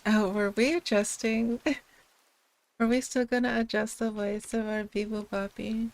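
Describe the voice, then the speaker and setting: A woman's voice: fairly high pitch, level tone, measured pace. A woman streaming, chatting casually and laughing often. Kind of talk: casual chat.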